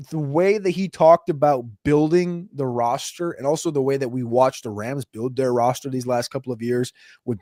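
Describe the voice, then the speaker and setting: A man of middle pitch breaks down football moves on a podcast. He thinks out loud with hedging fillers, and his voice is recorded dry and close. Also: no echo. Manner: thinking aloud, with hedging fillers and drawn-out pauses. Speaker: fantasy football podcast co-host. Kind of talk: casual sports chat.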